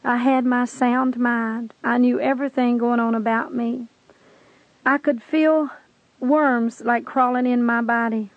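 A woman's voice: a little high, no echo, phone-quality sound. A woman earnestly recounting a dramatic personal testimony, telling it intensely as a narrator.

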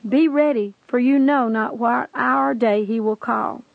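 Gravelly-voiced woman giving an impassioned testimony. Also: on the high side, steady tone, measured pace, no echo. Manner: earnest, impassioned. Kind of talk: recorded spiritual testimony. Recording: dry lo-fi tape recording.

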